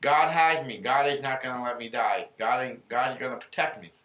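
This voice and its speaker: A man's voice: medium pitch, steady tone, moderate pace, sharp tone, close to an everyday voice. Stubborn old man voiced by a man telling a story, insistent, raised voice, in a roomy room.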